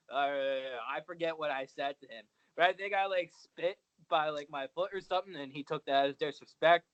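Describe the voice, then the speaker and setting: A pro wrestler appears as a guest on a video call interview, speaking casually with cocky heel bravado and plenty of boasting. His voice is fairly high and a bit bright, moving at a normal speed with few pauses. There's no room sound, though the call audio comes through slightly dull.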